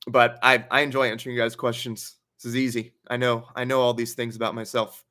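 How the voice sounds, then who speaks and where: A man's voice: medium pitch, little pitch movement, brisk, sharp tone. A young man hosting a casual livestream Q&A, reading donations aloud and chatting with a laugh in his stories. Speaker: livestream host.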